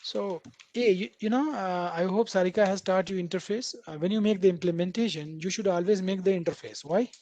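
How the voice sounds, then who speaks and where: A man's voice: sits high, a little fast, mellow. A man teaching a live online coding class. He talks chattily, checks in with the class, and acts out what the code editor says. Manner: chatty, repeatedly checking in with "right?". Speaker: programming instructor.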